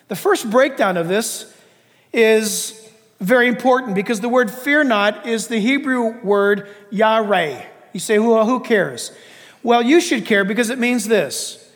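An older male pastor delivers a fiery sermon in a very high voice. He shifts from shouted emphasis to soft, conversational asides. His voice rings with long reverb in a large hall. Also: lively intonation, slow pace. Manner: impassioned, swings from shouting to quiet asides.

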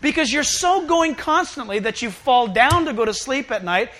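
A middle-aged male pastor preaching a sermon, animated and acting out the voices he quotes. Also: very high voice, normal speed.

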